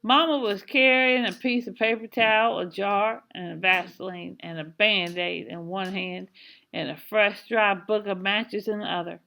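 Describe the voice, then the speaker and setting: A woman reading a children's novel aloud in a slow, expressive storytelling manner. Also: mid-range voice, gravelly. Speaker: reader.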